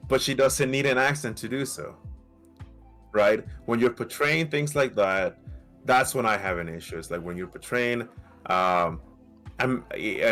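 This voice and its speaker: A man co-hosting a casual podcast debate, talking in an animated, emphatic way and swearing freely. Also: mid-range voice. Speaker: podcast co-host.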